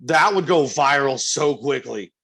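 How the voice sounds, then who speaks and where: A man's voice: mid-range voice, lively intonation, creaky, a crowd in the background. A man co-hosting a comedy podcast, teasing his friends and laughing as he chats casually. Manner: teasing, swearing, quick to laugh. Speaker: podcast co-host. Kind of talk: casual chat.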